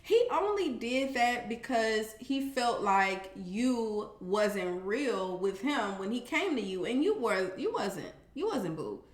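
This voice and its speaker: A woman casually recapping a reality show, animated and profane, with sassy commentary and acted-out quotes. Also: fairly high pitch, slow pace, few pauses, reverberant.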